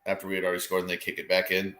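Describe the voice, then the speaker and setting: A man's voice: deep voice, very fast. A man, a guest on a sports watchalong, chatting casually and swearing freely as he reacts to the game. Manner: animated, profane, exclaims at the action.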